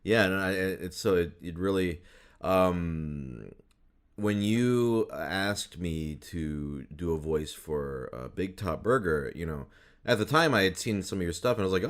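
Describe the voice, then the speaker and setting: A man hosting a podcast, chatting casually with a guest in a relaxed, rambling way with frequent laughs. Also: sits low, a little slow. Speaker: podcast host. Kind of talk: casual interview chat.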